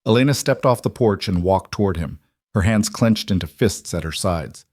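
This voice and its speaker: A man narrating a scripted frontier story in an even, measured way. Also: fairly low pitch, dry recording, clean studio sound.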